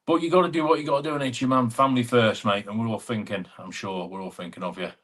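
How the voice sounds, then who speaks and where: A man, hosting a casual live chat. His voice sits at an ordinary middle pitch while he greets viewers by name and teases them in friendly banter. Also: steady tone, fast talker, a bit bright. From England (Chester). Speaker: live-stream host.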